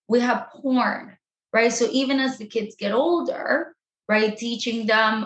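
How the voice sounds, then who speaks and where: A fairly high-voiced woman therapist explains things in an animated, direct way, often turning to listeners and mixing in Spanish phrases. Her voice carries a noticeable echo from the room around her. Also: a little slow. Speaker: sex therapist guest. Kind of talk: advice talk in an interview. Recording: echoey room.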